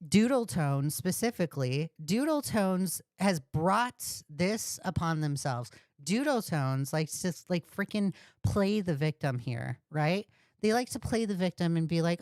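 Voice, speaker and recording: Woman livestreamer, ranting commentary, profane, indignant, lowish voice, dry close sound. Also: lively intonation, measured pace, dry recording. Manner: profane, indignant, repetitive insults. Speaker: commentary streamer.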